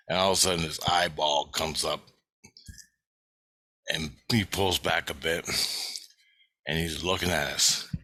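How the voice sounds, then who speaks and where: A man's voice: extremely low pitch, fairly even intonation, a little slow, long pauses, sharp tone, slightly rough. A man casually recounting a vivid dream, swearing freely and using lots of fillers. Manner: profane, vivid, full of fillers. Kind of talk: casual spoken story.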